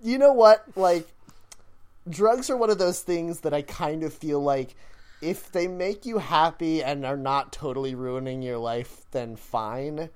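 A person chatting casually on a podcast, relaxed and chatty, often laughing. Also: medium pitch, unhurried, clear, resonant tone. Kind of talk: casual chat.

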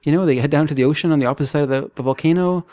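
Fast-talking man in podcast chat. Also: on the high side, a loud crowd. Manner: fast-talking, filler-heavy, rambling. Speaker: podcast co-host. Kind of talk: casual chat.

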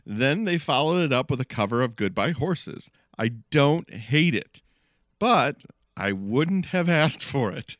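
A man's voice: medium pitch, expressive, unhurried, fairly bright tone, dry recording, clean studio sound. A man co-hosting a podcast in casual chat, often laughing between words. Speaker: podcast co-host.

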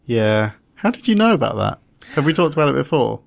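A man co-hosting a podcast in casual banter, loud and playful, making silly noises, on a studio microphone. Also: medium pitch, very animated, fairly quick, creaky. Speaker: podcast co-host.

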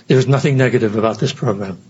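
A man's voice: on the low side, fast talker, a little mellow, dull audio, a little hiss or hum. An older man giving an earnest, reflective personal talk at a recovery meeting. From United States. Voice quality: very husky.

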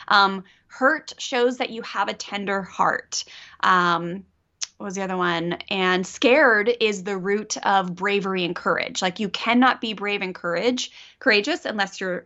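A woman working as a parenting coach, talking a caller through a problem in a chatty, animated way and acting out the quotes. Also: a little high, dull audio. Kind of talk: coaching call.

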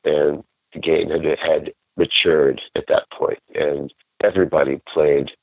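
A man's voice: very deep voice, fairly even intonation, unhurried, gravelly, no echo, phone-quality sound. A man guest telling a story in a loose, rambling way, often restarting mid-sentence. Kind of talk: casual storytelling.

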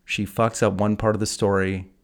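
A man on a podcast, recapping a film with heavy swearing and open disbelief. His voice sits very low. He keeps the talk loose and conversational, leaning into exasperated asides. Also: level tone, normal speed. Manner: profane, incredulous ranting. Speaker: podcast host. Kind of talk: casual film review chat.

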